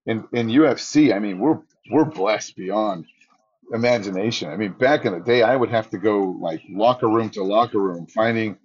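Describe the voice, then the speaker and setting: A man's voice: fairly low pitch, moderate pace, husky, dull audio. A man, a ring announcer, telling stories in a casual interview and acting out his own quotes with a raised voice.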